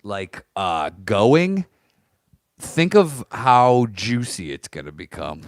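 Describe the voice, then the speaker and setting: A man co-hosting a casual podcast, crude and joking, who talks loud and acts out voices. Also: on the low side, wildly swooping pitch, slow pace, no echo, clean studio sound. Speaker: podcast co-host. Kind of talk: casual chat.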